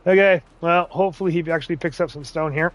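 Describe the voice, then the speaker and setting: A man's voice: on the high side, fast talker, slight background noise. Chatty man streaming a farming game. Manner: chatty, talks to viewers and in-game workers, laughs often. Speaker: livestream host. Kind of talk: casual live gameplay chat.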